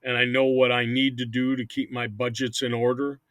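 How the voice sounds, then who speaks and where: A man's voice: medium pitch, little pitch movement, normal speed, a bit bright, no echo. An older man who owns hockey teams, talking casually in an interview, rambling and often repeating words. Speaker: hockey team owner.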